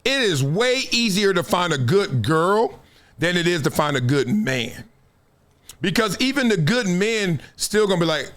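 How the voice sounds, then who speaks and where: A man hosting casual commentary in a high voice for a man, swinging widely in pitch as he tells animated stories. He acts out quotes as he talks. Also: a little slow. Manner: animated storytelling, acting out quotes. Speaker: show host.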